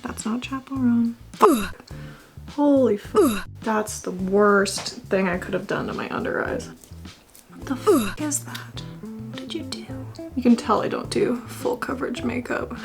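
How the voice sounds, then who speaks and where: A young woman in her twenties talks casually through a makeup vlog in a somewhat high voice. She is chatty and self-mocking, swears freely, and now and then slips into mock-dramatic wails. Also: expressive, unhurried, faint music behind. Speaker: beauty vlogger.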